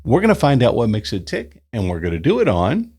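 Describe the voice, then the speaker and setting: A man hosting a casual beer review, chatting at home into a new microphone. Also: brisk. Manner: chatty, relaxed, lively pitch. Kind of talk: casual review with read-out history segment. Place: indoors at home, summer. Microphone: new desk microphone.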